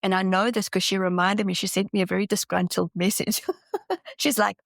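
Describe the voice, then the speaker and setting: A woman's voice: mid-range voice, steady tone, normal speed, creaky, no room sound, clean studio sound. A woman guest in a casual interview, talking earnestly and enthusiastically, often restarting her sentences. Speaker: podcast guest, spiritual channeler.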